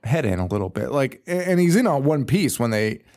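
Very animated and brisk, a male podcast co-host with a medium-pitched, slightly mellow voice breaks down a horror movie scene by scene, peppering it with profanity, laughter and character impressions.

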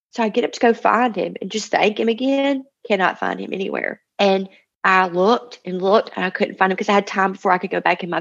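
A gravelly, husky, medium-pitched woman in her forties, a mother, shares an emotional personal testimony, earnest and tumbling, acting out the voices she quotes. It's a dull lo-fi recording.

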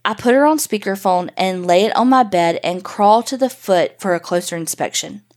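A woman reading a listener's ghost story aloud with casual, swear-laden energy. Her voice sits in a middle pitch, and she tells the story in the first person, animated and loose. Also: normal speed.

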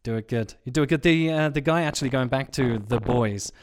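A man's voice: medium pitch, fairly quick. A middle-aged man co-hosting a podcast, talking in a jokey, playful, chatty way. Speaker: podcast co-host. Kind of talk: casual chat.

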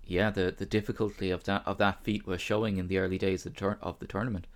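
A man co-hosting a podcast in casual chat, relaxed and rambling with fillers. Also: sits low, fast talker. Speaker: podcast co-host.

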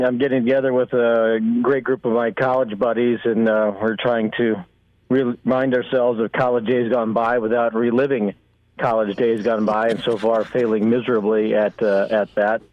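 Man on a tinny phone line, relaxed, rambling, dry. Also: mid-range voice, normal speed, dry recording. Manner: rambling, relaxed, frequent fillers. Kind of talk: casual radio call-in chat.

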